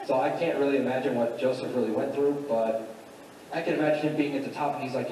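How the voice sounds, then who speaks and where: Mellow man preaching in echoing hall. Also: mid-range voice, steady tone, fast talker, a little hiss or hum. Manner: casual, filler-heavy retelling with "like" and "you know". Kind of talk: sermon storytelling. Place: church sanctuary. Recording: echoey hall from far off.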